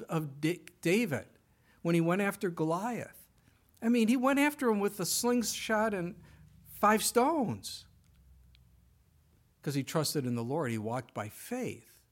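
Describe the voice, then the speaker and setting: Earnest male pastor preaching. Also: fairly high pitch. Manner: earnest, emphatic preaching with rhetorical questions. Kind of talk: sermon.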